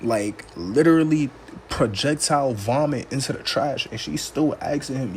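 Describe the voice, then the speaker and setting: A man giving a casual, animated movie recap full of slang, acting out the characters' lines as he goes. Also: mid-range voice, normal speed, a little hiss or hum. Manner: animated, slangy storytelling with frequent laughs. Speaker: movie reviewer.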